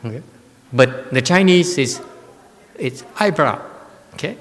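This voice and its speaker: A man's voice: medium pitch, big pitch swings, slow, pauses often, a bit bright, big-room sound. A man teaching Buddhism in a Dharma lecture, often teasing and chuckling with his listeners. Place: temple hall.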